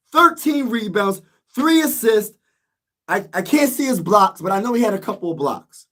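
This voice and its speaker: Guy venting hard after his team lost, keeps repeating himself. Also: high voice. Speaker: sports vlogger. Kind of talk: casual sports rant.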